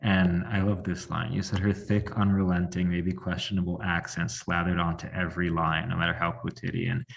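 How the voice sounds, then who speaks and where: A man's voice: sits low, flat delivery, moderate pace, vocal fry, few pauses. A man hosting a casual podcast chat, talking in a loose way with plenty of "like" and questions for his guest. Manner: chatty, lots of "like", quoting and asking. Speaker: podcast host.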